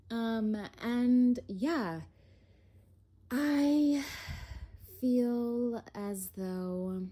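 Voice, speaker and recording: A young woman doing a casual spiritual chat as an oracle card reader, slightly out of breath, airy and unhurried, with soft laughs. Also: fairly low pitch. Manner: slow, airy, lots of "if you will" and soft laughs. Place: home, indoors.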